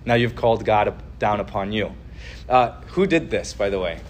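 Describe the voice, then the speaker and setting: A man's voice: on the low side, animated, moderate pace, a little hiss or hum. A man hosting a podcast, giving an earnest, casual religious teaching full of fillers and restarts. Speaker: podcast host teaching on the Ten Commandments.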